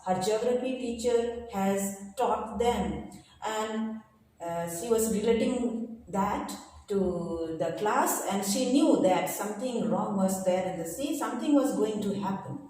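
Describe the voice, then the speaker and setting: A woman teacher, slowly reading a textbook chapter to pupils and explaining each word in simple terms, with pauses and fillers. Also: on the high side, darkish tone, recorded from a distance. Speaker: school teacher. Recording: echoey room, voice from away from the mic, faint noise.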